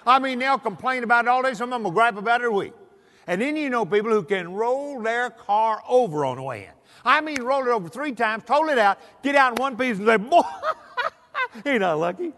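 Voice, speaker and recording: A man's voice: very high voice, animated, fast talker, pushed and bright, slight background noise. A man giving a folksy motivational speech to an audience, telling stories. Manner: folksy storyteller, acts out voices. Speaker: motivational speaker. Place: large hall with audience. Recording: hall reverb.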